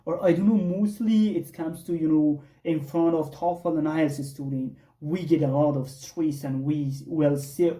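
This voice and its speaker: A teacher from Afghanistan lectures on English exams in a very warm, dark voice. The speech leans on "you know" and "I don't know" and keeps calling the audience "guys". The voice sits back from the mic in a roomy, echoing space. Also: medium pitch, unhurried, hardly any pauses, recorded from a distance. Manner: addresses listeners as guys, many fillers and repeated "I don't know". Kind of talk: online English lesson. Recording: echoey room, voice set back from the mic.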